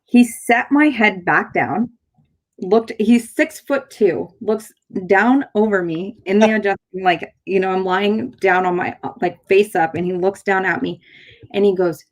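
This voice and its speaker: A woman in her thirties from San Diego, mid-pitched, telling a personal story on her talk show. She tells it animatedly and jumps into the voices of the people in it. Her speech rambles a little, full of "like" and restarts. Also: a little slow. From San Diego, California. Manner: animated, acts out quoted dialogue; rambling with many fillers and restarts. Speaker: chiropractor and show host. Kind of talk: casual interview storytelling.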